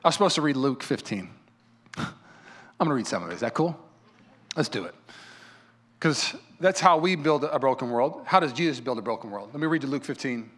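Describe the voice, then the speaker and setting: A male pastor preaching a sermon in a fervent, fired-up manner with quick repeats. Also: medium pitch, lively intonation, a bit bright.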